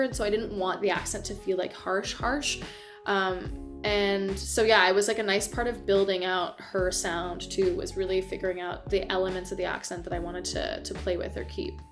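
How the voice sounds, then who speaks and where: A woman voice actress, a guest in a casual interview, talking in an animated, enthusiastic way with lots of fillers. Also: mid-range voice. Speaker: voice actor guest.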